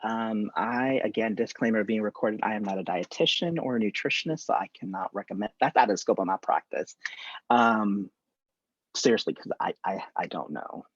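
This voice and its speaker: A man talking as a therapist in a live online conversation, candid and animated, acting out examples from his work. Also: fairly low pitch, moderate pace, slightly rough, dry recording, dull audio.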